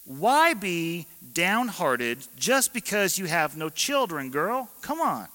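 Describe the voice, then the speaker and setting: A clueless, blunt husband from an old story, asking tactless questions in a loud, raised, slow voice, as a preacher puts him on. His voice is bright, and it carries a long hall reverb. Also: sits high, sing-song, voice pushed up, heavily acted. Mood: baffled.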